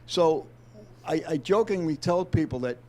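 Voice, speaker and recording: A man's voice: on the high side, animated, moderate pace, dark tone. A middle-aged man, an author and former detective, speaking on a video call. He explains his craft in an easygoing way, reads aloud from his novel, and often restarts his sentences. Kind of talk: interview guest, reading aloud from his novel.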